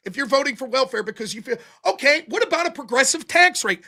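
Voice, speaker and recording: A man hosting a debate show, recapping a heated debate in a casual, profane, animated way and quoting his opponent. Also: very high voice, fairly quick, slightly rough. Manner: animated, profane, quotes opponents in mocking voices.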